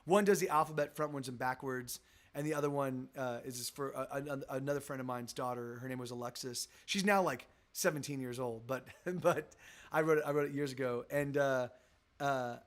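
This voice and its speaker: A man's voice: mid-range voice, moderate pace. A man, a musician streaming live, chatting loosely with his viewers between songs, rambling and thinking aloud as he thanks them.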